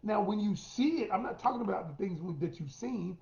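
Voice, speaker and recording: A man's voice: high-pitched, lively intonation, brisk, gravelly, mellow. Middle-aged male relationship coach, emphatic and direct to listeners; roomy, dull lo-fi recording. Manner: emphatic, addresses listeners as y'all, acts out quotes. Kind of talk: coaching monologue to women.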